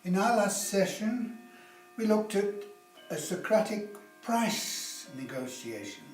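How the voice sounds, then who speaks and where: A man's voice: high-pitched, very animated, takes it slowly, faint music behind. A man teaching a sales class, lecturing with teasing rhetorical tag questions. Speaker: sales instructor. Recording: roomy, from a distance.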